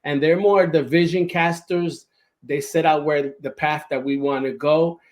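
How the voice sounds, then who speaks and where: A man's voice: a little high, fairly even intonation, unhurried. A man hosting a podcast interview in a casual, enthusiastic way, often checking in with "right?". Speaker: podcast host.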